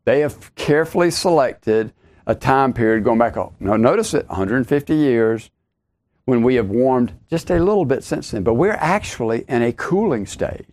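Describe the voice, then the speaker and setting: A man's voice: medium pitch, lively intonation, moderate pace, a little mellow. A middle-aged man preaching a podcast sermon, emphatic, repeating his key lines and rising sharply on exclamations.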